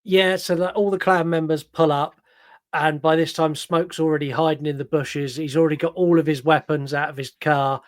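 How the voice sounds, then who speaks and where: A man's voice: fairly high pitch, steady tone, normal speed, no echo, clean studio sound. A man co-hosting a casual film-review podcast, enthusiastically retelling scenes step by step with fillers. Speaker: podcast co-host.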